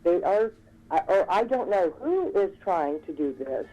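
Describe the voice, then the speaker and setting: A woman in her fifties calling in to a talk show, speaking haltingly with stumbles. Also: fairly low pitch, very animated, warm tone. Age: 50s. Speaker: caller. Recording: muffled phone line.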